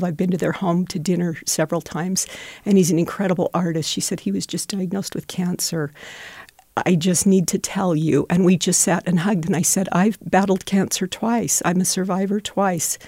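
A middle-aged woman speaks with a gravelly, fry-tinged voice, sincere and devout as she recounts stories of the refugee families she serves. The sound is close and dry, with no room around it. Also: on the low side, mellow, no echo. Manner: heartfelt, tearful at moments, devout. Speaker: refugee donation center volunteer. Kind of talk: emotional interview storytelling.

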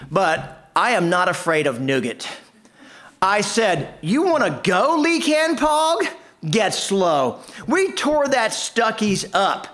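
High bright-voiced man telling a tall tale. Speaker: storyteller. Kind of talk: comic tall-tale performance.

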